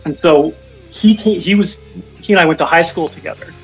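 Rambling young man with a gravelly voice. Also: fairly high pitch, fairly quick. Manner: rambling, full of fillers and restarts. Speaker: guest musician. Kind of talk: casual interview by phone. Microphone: phone call. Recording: dull lo-fi call-in audio, faint music.

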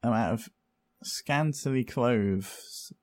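A man co-hosting a gaming podcast in relaxed casual chat, trailing off mid-thought and laughing along. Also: medium pitch, slow pace. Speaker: podcast co-host.

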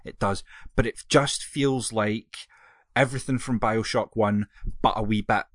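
Man, low-pitched, dry sound, rambling casual talk. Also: fairly even intonation, a little slow, no room sound. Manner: rambling, self-correcting, jokey. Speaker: podcast co-host. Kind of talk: casual chat.

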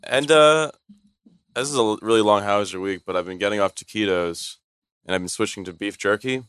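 A man's voice: lowish voice, brisk, a bit bright, clean tone, no room sound, clean studio sound. A man co-hosting a podcast outdoors, slangy and swearing freely in casual banter. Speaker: podcast co-host.

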